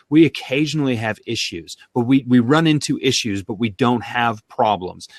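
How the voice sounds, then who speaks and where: A man co-hosting a sales talk show, chatting casually in an animated way and thinking out loud. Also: medium pitch, no echo, clean studio sound. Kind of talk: casual conversational chat.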